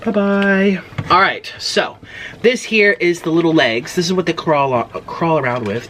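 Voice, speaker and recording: A woman's voice: fairly low pitch, expressive, moderate pace, a bit bright. A young woman hosting a casual eating-show vlog, gasping and exclaiming as she talks. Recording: noisy home recording.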